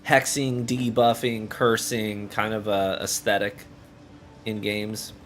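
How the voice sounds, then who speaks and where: A man casually commenting on a video game as he plays, chatty and quick to laugh. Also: fairly low pitch, soft background music. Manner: chatty, laughs often, animated reactions. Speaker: gaming streamer.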